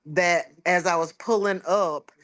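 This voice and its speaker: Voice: mid-range voice, steady tone, fairly bright tone. A podcast co-host in casual chat, agreeing often and telling stories at length. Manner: chatty, agreeable, drawn-out storytelling.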